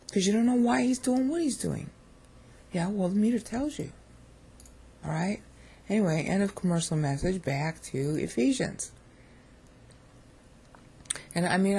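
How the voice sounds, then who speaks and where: A teacher with an American accent giving a digressive, chatty screen-share lecture on scripture, often pausing to check in with "okay?". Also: mid-range voice, creaky, dark tone, breathy edge. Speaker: Bible teacher.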